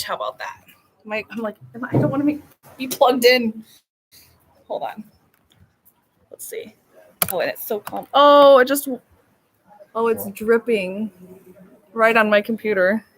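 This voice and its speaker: A woman's voice: fairly high pitch, fairly bright tone. A woman travel agent hosting a casual live stream from a beach resort, chatty and rambling, laughing often.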